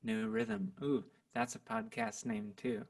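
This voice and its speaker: A man in his twenties talks about his music from his home recording room, relaxed and rambling. He speaks slowly, with a gravelly edge to his voice and plenty of pauses and fillers. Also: mid-range voice. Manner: relaxed, rambling, laughs easily. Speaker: podcast guest, musician. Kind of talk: casual podcast chat.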